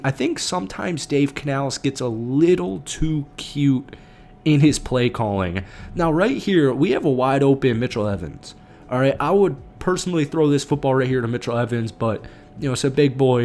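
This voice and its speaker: A young man hosting his own sports channel, talking fast and excited through rapid-reaction football commentary, a little out of breath. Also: medium pitch. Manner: excited, hurried, hyped-up.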